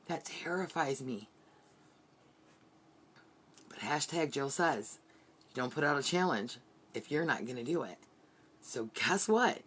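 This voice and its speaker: A woman's voice: a bass voice, animated, a little slow, long pauses, fairly bright tone, slightly rough. A woman giving an earnest, heartfelt motivational team training from her bedroom. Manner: earnest, heartfelt, repetitive pep-talk.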